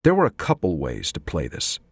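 Deep-voiced male audiobook narrator. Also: huge pitch swings, brisk, vocal fry, slightly rough, no room sound. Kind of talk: scripted narration.

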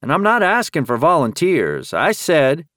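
A man doing a gruff, bossy female sheriff. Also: fairly high pitch, huge pitch swings, moderate pace, a bit bright, no room sound, clean studio sound, voice pushed up. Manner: growling, bossy, impatient. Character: brusque middle-aged female sheriff, gruff and impatient.

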